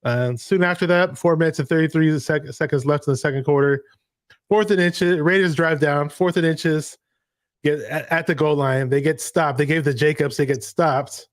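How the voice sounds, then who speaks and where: A man hosting a live sports reaction show, recapping a game in an excited, rambling way. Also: a little high, no room sound, studio quality. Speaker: podcast host.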